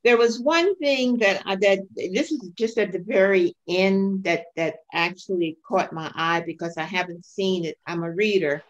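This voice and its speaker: Hesitant woman, muffled sound. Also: mid-range voice. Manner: hesitant, halting, with restarts.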